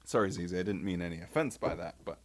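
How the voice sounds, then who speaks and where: A man's voice: low voice, quick pace, a little hiss or hum. A young man giving casual commentary, sarcastic and mocking, often laughing and breaking off mid-thought. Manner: sarcastic, animated, laughing mockery. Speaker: video commentator.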